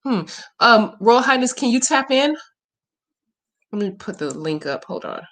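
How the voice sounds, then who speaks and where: A woman's voice: fairly high pitch, animated, measured pace, a bit bright. A woman hosting a casual livestream Q&A as a spiritual reader, talking in a candid, emotional and profane way.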